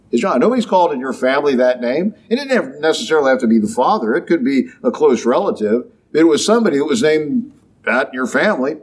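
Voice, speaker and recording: Husky, lively preacher giving a sermon. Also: male voice, medium pitch. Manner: conversational, acts out quoted voices, frequent "okay?" and "yeah?".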